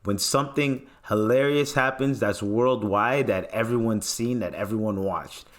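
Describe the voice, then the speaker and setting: A man's voice: fairly low pitch, moderate pace. A man hosting a podcast, ranting casually and animatedly with plenty of swearing and laughter. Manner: animated, profane, often laughing. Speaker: podcast host. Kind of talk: casual comedic rant.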